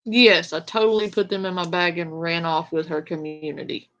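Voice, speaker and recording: A woman's voice: lowish voice, level tone, normal speed, a bit bright. A woman talking to camera in a casual, sarcastic, dismissive way, as an online content creator. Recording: dull lo-fi clip audio.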